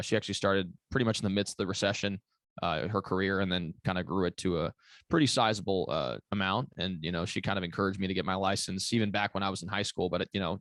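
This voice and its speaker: A man's voice: low voice, fairly bright tone, no echo, clean studio sound. A man giving long, rambling interview answers as a commercial real estate broker, with many fillers and restarts. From Kentucky.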